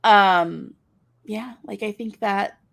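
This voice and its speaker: Woman co-host, playful and chatty, raspy vocal fry. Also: mid-range voice, slow, fairly bright tone. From United States. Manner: playful, spins silly imagined scenarios. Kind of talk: casual chat.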